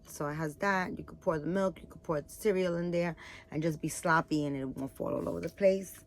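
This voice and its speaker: Tired woman rambling to the camera, kinda low voice, faint hum in the room, lots of um and like. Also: brisk. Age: adult, has a daughter. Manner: chatty, rambling, many fillers. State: tired, yawning. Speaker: vlogger showing baby doll items. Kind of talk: casual chat to camera.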